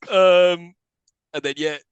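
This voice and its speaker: This podcast co-host has a high-pitched, slow, clean-toned voice, captured in a dry, dull-sounding recording. He recaps a film in casual chat, animated and often laughing and swearing as he retells scenes in quoted voices.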